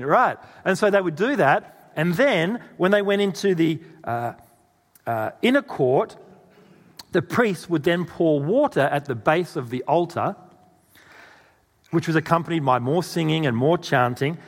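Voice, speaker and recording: A man preaching a sermon, telling a story and asking the audience questions. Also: fairly high pitch. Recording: long reverb in a hall.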